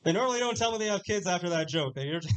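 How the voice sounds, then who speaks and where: A young man with a high voice tells jokes at a casual, offhand clip from a small lounge stage. He swears freely and laughs at his own jokes. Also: lively intonation, very fast, fairly bright tone, clear, resonant tone, low-quality recording. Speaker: stand-up comedian. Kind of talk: live stand-up set.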